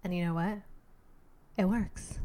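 Upbeat woman coaching listener, lower voice. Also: measured pace. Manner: animated, coaching, addresses listener directly. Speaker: podcast host. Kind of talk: motivational podcast talk.

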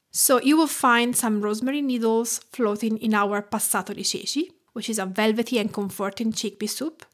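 A woman in her thirties from Tuscany with an Italian accent, hosting a food podcast in a warm, enthusiastic, scripted way. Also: on the high side. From Tuscany, Italy. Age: 30s. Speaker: podcast host, cooking teacher.

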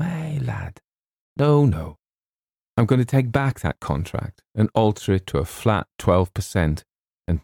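A man voicing a gruff Scottish literary agent who turns sentimental, with a rolling burr and a deep, gravelly voice. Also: dark tone, dry recording, clean studio sound, exaggerated voice. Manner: gruff then tearfully gushing, rolling burr.

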